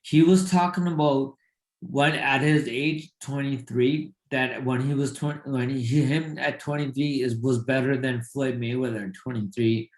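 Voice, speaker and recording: A man chatting casually about boxing as a podcast co-host. He talks haltingly, with plenty of ums and restarts. His voice sits at a middling pitch and rings in an echoey room. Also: fairly even intonation. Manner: halting, many fillers and restarts. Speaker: podcast co-host, former boxer. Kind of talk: casual sports chat.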